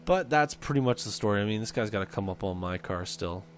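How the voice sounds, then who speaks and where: Recorded at home as a voice-over on gameplay, a man with a lowish voice talks fast over slight background noise. A gaming video storyteller, he rambles through a personal anecdote, filling it with fillers and acting out the people he quotes.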